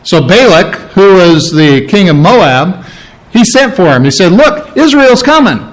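A man's voice: high-pitched, expressive, a little slow, poor audio. A male preacher telling a Bible story in a conversational sermon, with many restarts.

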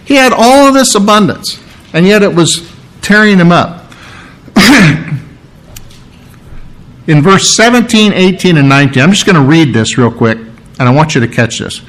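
A man's voice: sits high, expressive, normal speed, a bit bright, poor audio. A man preaching a sermon, explaining scripture word by word in an earnest, teacherly way and repeating key phrases for emphasis. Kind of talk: sermon with Bible reading.

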